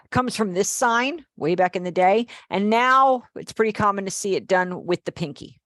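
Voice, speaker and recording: A woman's voice: medium pitch, expressive, moderate pace, fairly bright tone, no echo, clean studio sound. A middle-aged woman teaching a live online class, explaining patiently and checking in with her students. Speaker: sign language teacher.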